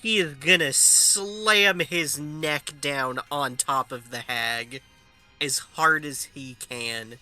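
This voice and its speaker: Easygoing male tabletop player, bright and hesitant. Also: on the high side, takes it slowly, soft background music. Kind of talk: tabletop game chat.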